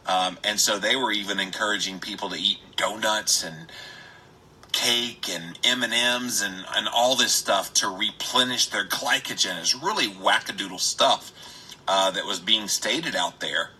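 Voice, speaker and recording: A man hosting a live stream, chatting with viewers, greeting them by name and stressing words with drawn-out emphasis. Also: lowish voice, pushed and bright, husky, low-quality recording. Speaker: health podcaster.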